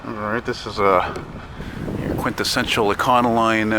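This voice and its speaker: This man speaks at normal speed in a medium pitch, chatting to his handheld camera as he walks outdoors in the city. He grumbles and swears casually while wind and street traffic sound behind him.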